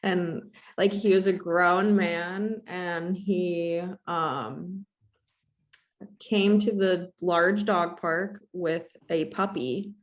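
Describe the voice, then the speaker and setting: A young woman co-hosting a podcast, chatting casually and telling an animated story, acting out both sides of an argument. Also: fairly low pitch, extremely slow. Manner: animated storytelling, acts out quoted exchanges. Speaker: podcast co-host. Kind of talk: casual chat.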